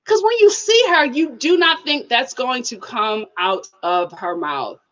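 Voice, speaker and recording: A woman's voice: a little high, expressive, unhurried, a bit bright, lo-fi sound. A woman giving a candid, chatty review of a reality TV show on her YouTube channel, often breaking into laughter.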